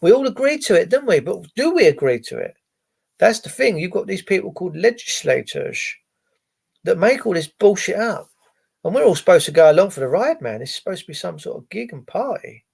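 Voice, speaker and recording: A man's voice: sits high, very animated, brisk, vocal fry, a little mellow, breathy edge. A man, hosting a livestream and ranting in a blunt, sarcastic way, swearing freely. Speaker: livestream host.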